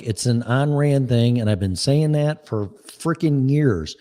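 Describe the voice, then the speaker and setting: A man's voice: medium pitch, lively intonation, a little slow, dark tone, in a large hall. A man hosting his own online show, talking in a rambling, sarcastic way and swearing freely as he reads the chat. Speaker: podcast host. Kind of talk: casual monologue reading chat.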